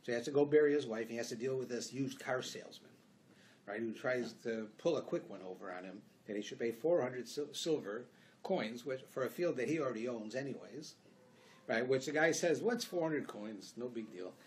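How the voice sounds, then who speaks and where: A rabbi with a Canadian accent leads a conversational Torah class in a synagogue, telling stories and acting out snippets of dialogue with animation. His mid-range voice is brisk, and there's a little hiss or hum in the recording.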